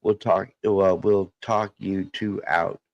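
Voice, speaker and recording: A man's voice: low-pitched, steady tone, no room sound, muffled recording. A man in his thirties co-hosting a casual livestream chat, reading viewer comments and telling family stories with many restarts. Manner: halting storyteller with many restarts.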